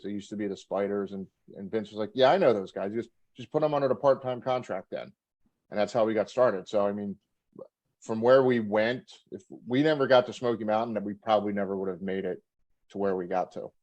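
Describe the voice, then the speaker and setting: A man's voice: fairly low pitch, darkish tone, highs cut off. A middle-aged man, a former wrestler, telling backstage stories in a casual interview, laughing and acting out quotes. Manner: laughing anecdotal storyteller, acts out quotes.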